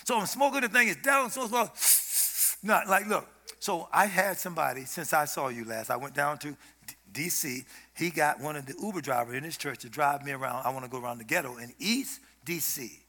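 High, husky-voiced man preaching emphatically. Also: brisk, bright, forceful tone. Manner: emphatic, conversational preaching with repeated "See?". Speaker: guest preacher. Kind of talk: informal sermon.

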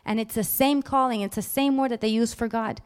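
A woman preaching a sermon in a lively, animated way, acting out little scenes sudden loud outbursts. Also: a little high, fairly quick, clear, resonant tone.

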